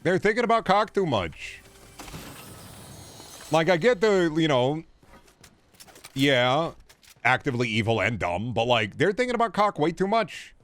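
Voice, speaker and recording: A man's voice: a little high, sing-song, measured pace, long pauses, a bit bright. A young man streaming a game, riffing in a profane, sarcastic way in casual chatter.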